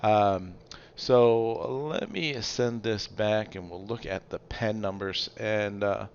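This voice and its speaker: A man giving a relaxed, chatty game review with lots of fillers and little chuckles. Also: on the low side, takes it slowly, lo-fi sound, slight background noise. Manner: chatty, loose, many fillers, chuckles often. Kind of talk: casual gameplay commentary.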